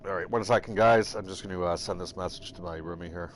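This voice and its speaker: Male streamer, low voice, loose rambling commentary with frequent swearing. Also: quick pace, a little hiss or hum. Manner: rambling, swears freely, thinks aloud. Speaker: game streamer. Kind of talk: casual live-stream commentary.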